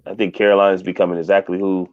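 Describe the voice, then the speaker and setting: A man with a fairly low voice joins a sports chat as a guest and comes through on dull, lo-fi audio. He speaks loosely and haltingly and is quick to laugh. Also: little pitch movement.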